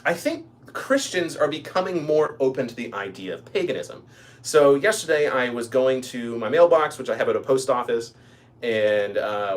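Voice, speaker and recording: A man from Kentucky hosting a casual livestream, rambling with many ums and restarts. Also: medium pitch. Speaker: livestream host.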